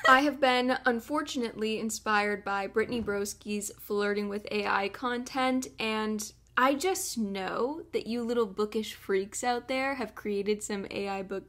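A woman's voice: mid-range voice, a bit bright. A young woman hosting a casual book vlog, giggly, dramatic and self-mocking. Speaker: book vlogger.

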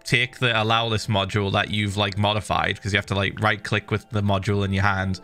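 Chill guy gaming and chatting, lowish voice, kinda bright, faint music behind. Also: little pitch movement, brisk. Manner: laid-back, chuckling, hums to himself. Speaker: streamer. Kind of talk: casual chat while gaming.

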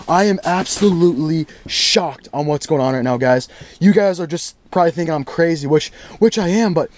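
A young man vlogging as he ice fishes, giving an excited, slangy play-by-play and exclaiming loudly at each catch. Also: a little high, normal speed. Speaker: fishing vlogger. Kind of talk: excited play-by-play while fishing. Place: ice fishing on a frozen lake in deep cold. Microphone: action camera.

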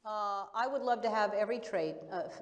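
A woman answering press questions on a panel in a relaxed, joking way. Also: medium pitch, brisk. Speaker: voice actor on a panel. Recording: long hall reverb.

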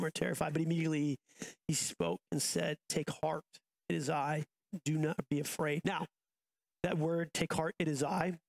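A man's voice: on the high side, vocal fry. A man in his thirties, a pastor preaching a sermon in a casual, conversational way, often restarting and going off on asides. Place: church auditorium.

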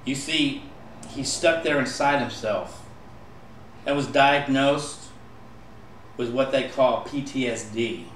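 A man's voice: mid-range voice, takes it slowly, pauses often, distant mic, slight background noise. Impassioned man reciting poetry, echoey room. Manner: impassioned, rising to pleading shouts. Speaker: poet. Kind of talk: spoken-word poetry recitation.

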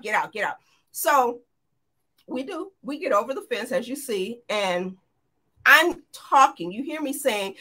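A middle-aged woman, a guest in an interview, retelling a frightening experience in an animated, excited way, often restarting her sentences. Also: high voice. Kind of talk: emotional storytelling.

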